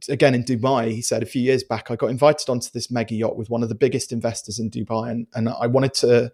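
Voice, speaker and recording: Chatty man telling a story. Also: mid-range voice. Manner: animated, chatty storyteller with many restarts and fillers. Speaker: podcast guest. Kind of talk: casual storytelling interview.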